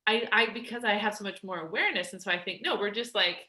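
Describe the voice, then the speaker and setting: A woman weight loss coach giving an energetic, emphatic motivational talk, chatty with lots of restarts. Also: medium pitch, fast. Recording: roomy echo.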